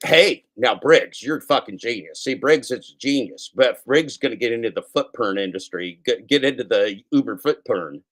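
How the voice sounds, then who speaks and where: A middle-aged man hosting a podcast, riffing crudely and mockingly on the news, his throat scratchy and his voice worn out from daily shows. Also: mid-range voice. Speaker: podcast host. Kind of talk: profane comedic news riff.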